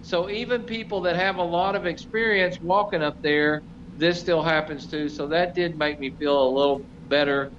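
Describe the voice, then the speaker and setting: A man's voice: on the high side, normal speed, few pauses, a bit bright. A middle-aged man telling a self-deprecating story in casual chat, rambling with many fillers. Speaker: show regular. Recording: slightly dull, faint noise.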